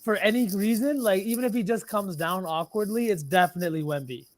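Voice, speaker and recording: Man, high-pitched, casual betting podcast co-host, swears freely, thinks out loud. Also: brisk. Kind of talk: casual chat.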